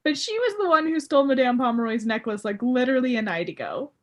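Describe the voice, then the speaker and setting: A young woman co-hosting a casual book podcast, animated, laughing often and acting out characters' lines. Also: fairly high pitch, fast talker. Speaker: podcast co-host.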